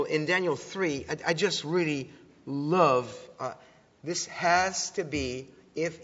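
A man delivers a sermon-style teaching in a conversational way, stopping to correct himself now and then. His voice sits a little high for a man. The lo-fi recording sounds dull and carries a long hall reverb. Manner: conversational, self-correcting, animated retelling. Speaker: speaker at a church teaching.

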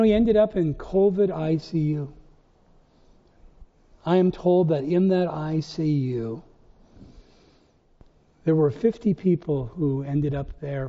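A man preaching a sermon as pastor, firing rhetorical questions with emphatic rises. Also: on the high side. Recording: dull, lo-fi recording in a reverberant church hall.

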